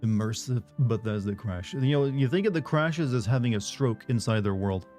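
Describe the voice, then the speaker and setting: Male streamer, mid-pitched, casual rambling chat with viewers, curses freely, faint game music under him. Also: a little mellow. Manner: rambling, rapid filler-heavy chatter with swearing.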